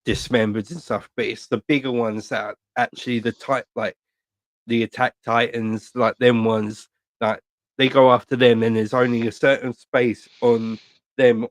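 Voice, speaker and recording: A man chats on a podcast, rambling through stories full of filler words and swearing. His voice is at a middle pitch and sounds dry and close. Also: moderate pace, no room sound. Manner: rambling, animated storytelling, heavy swearing, lots of fillers. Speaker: podcast co-host. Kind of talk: casual chat.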